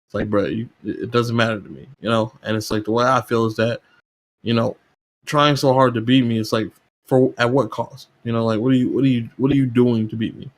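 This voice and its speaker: A man's voice: steady tone, a little fast. A man guesting on a gaming podcast in casual chat, ranting heatedly and swearing often. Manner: heated, profane rant with rising pitch.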